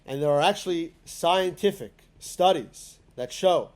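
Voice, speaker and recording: A man's voice: on the high side, unhurried, a little mellow. A man teaching a spoken lesson in a synagogue class, talking in a conversational way full of fillers and restarts.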